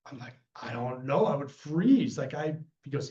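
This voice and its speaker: This man speaks at medium pitch and normal speed, animatedly telling work stories in a guest lecture's Q&A and imitating the people involved. Frequent restarts break up his delivery, and the lecture-room audio is roomy and dull.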